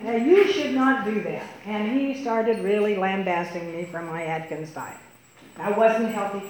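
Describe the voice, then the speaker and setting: A woman telling a personal story to an audience, acting out the quoted lines with shifts in pitch and pace. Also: heavy reverb, rough recording. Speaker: speaker telling personal stories.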